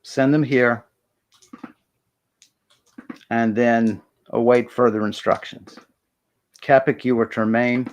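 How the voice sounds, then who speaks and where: A man's voice: medium pitch, fairly even intonation, takes it slowly, long pauses, natural voice. A stern female leader gives firm orders in a fantasy tabletop game, as a man plays her. The voice sits in a middle range with no real disguise, and she sounds commanding and worried.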